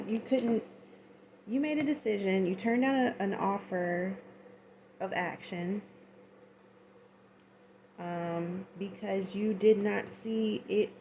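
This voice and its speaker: Gravelly, chatty woman reading tarot. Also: medium pitch, warm tone, slight background noise. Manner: chatty, slangy, acts out little scenes. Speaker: tarot reader.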